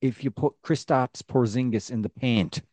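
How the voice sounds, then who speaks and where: A man co-hosting a casual football podcast, telling stories with lively restarts and a voice that rises when excited. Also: normal speed, dry recording. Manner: animated storyteller, restarts, rising pitch when excited. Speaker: podcast co-host.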